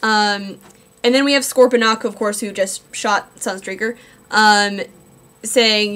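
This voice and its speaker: A woman's voice: medium pitch, steady tone, takes it slowly, a bit bright. Woman rambling through a comic review at home, dry sarcastic jokes, lots of um and like. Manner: sarcastic, chatty, lots of ums and likes. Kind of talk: casual spoken review.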